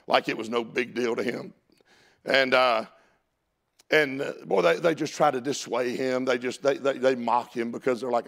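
A man preaching a lively sermon in a Southern US accent, shouting at peaks and laughing between folksy asides. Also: mid-range voice, normal speed, vocal fry.

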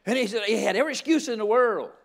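An older man preaching with a slightly high voice. He keeps a folksy, joking tone throughout the sermon. He often trips over his words and starts his phrases again. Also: very fast, creaky. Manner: folksy and joking, with frequent stammered restarts. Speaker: guest preacher.

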